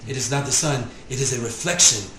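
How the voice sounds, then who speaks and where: A man's voice: medium pitch, fairly quick, sharp tone, echoey room, slight background noise, natural voice. Man doing a frantic French-accented conspiracy nut. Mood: urgent. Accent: put-on generic French. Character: frantic conspiracy-minded man, alien hunter.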